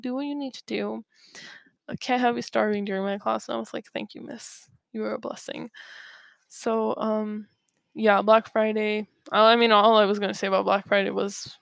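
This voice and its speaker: A young adult woman vlogs to camera, telling stories in a loose, rambling way and often laughing or correcting herself. Her medium-pitched voice is creaky, the recording is dry, and her own mic sometimes gets bumped.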